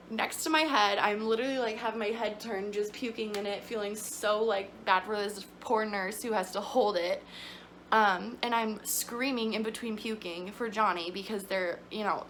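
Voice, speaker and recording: A woman's voice: mid-range voice, a bit bright, a little hiss or hum. Chatty young woman vlogger. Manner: chatty, many fillers, emotional. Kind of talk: casual storytelling to camera.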